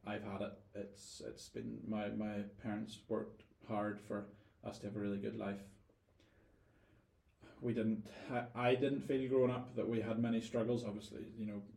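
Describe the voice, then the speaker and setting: A Northern Irish man talks as a guest in a relaxed interview, his voice sitting a bit low. He is thoughtful and circles back over his words while he finds the next thought. The sound carries a noticeably roomy echo. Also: moderate pace, gravelly. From Northern Ireland. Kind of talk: casual interview storytelling.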